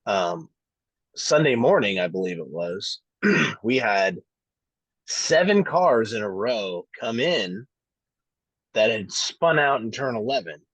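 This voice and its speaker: A man's voice: lowish voice, big pitch swings, slow, pauses often, a bit bright, husky, no room sound. A man co-hosting a podcast in casual chat, telling stories with repeated words and fillers. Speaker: podcast co-host.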